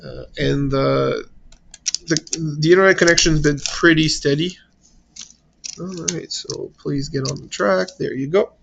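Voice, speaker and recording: A man's voice: a little high, a little slow, gravelly, background noise. A man with a French Canadian accent, hosting a casual model train livestream from home, rambling with lots of fillers and restarts. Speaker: livestream host.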